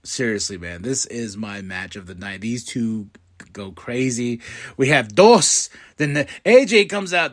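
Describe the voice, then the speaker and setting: A man hosting a podcast, giving a casual, excitable recap and acting out quotes in quick voices. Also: medium pitch. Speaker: podcast host.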